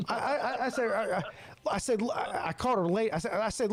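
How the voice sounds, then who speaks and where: A man's voice: high voice, fast, no echo. A man hosting a podcast, telling a story in a rambling, profane way and stumbling over repeated words. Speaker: podcast host. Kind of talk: casual chat, storytelling.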